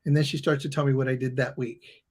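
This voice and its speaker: Here the middle-aged coach and author speaks fast at a medium pitch. Appearing as a guest, he tells a story conversationally and animatedly acts out its people.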